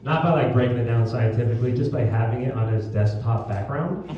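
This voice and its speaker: A young man does crude, self-mocking stand-up at medium pitch on a small theatre stage. Someone in the audience recorded it on a phone camera from a distance, so the room sounds echoey, with laughter in the background.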